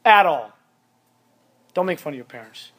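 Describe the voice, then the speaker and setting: A man's voice: fairly high pitch, lively intonation, normal speed, fairly bright tone. A man in his thirties preaching to teenagers, emphatic and repetitive, hammering home each point. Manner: emphatic, repeats commands for stress. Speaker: youth pastor. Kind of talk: sermon.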